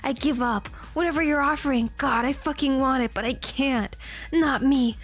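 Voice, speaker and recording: A woman's voice: high-pitched, moderate pace, soft background music, close to an everyday voice. A woman doing a snarling young man, furious. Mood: angry shouting. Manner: shouting, swearing, growling.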